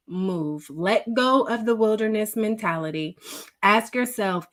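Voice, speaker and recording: A woman's voice: mid-range voice, fairly bright tone. Woman devotional host, earnest and teary, addressing a live audience. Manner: earnest, emotional, reads viewer comments aloud. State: tearful. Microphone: livestream.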